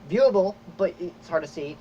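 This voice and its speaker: A man hosting a podcast, chatting casually and excitedly, rambling with lots of fillers and acted-out reactions. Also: high voice, a little fast. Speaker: podcast host. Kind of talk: casual chat. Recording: dull lo-fi audio with faint noise.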